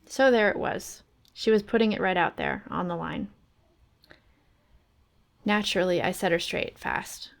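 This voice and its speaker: A woman's voice: lowish voice, measured pace, creaky, long pauses. A woman on a book club stream reading a first-person novel aloud in a wry, conversational way.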